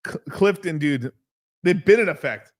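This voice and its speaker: A male live-stream host is hyped up, cracking jokes and swearing as he talks. His voice sits a bit high and moves lively up and down. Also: normal speed. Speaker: livestream host. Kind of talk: casual live stream chat.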